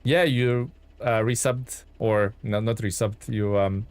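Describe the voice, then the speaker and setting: A man's voice: on the low side, steady tone, slow pace. A man live-streaming a truck game, chatting to viewers, thanking them and thinking aloud with ums and chuckles. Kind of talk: live gameplay stream commentary.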